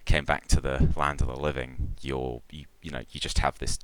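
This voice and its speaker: A man with a very deep voice narrates as game master in a tabletop role-playing game. His tone is bright and forward despite the low pitch, and he describes the scenery with frequent ums. The sound is dry and close. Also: little pitch movement, moderate pace, smooth, no echo.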